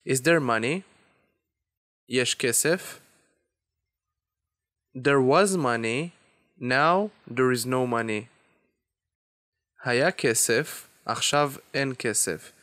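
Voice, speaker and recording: A man giving a beginner language lesson, explaining grammar slowly and deliberately with example phrases. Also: medium pitch, animated, fairly bright tone, no room sound, clean studio sound. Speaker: Hebrew teacher.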